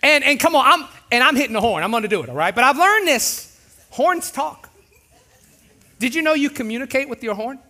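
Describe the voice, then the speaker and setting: Animated, bright-voiced preacher man. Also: extremely high pitch, brisk. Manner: animated, jokey, acts out voices. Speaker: pastor. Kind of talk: sermon.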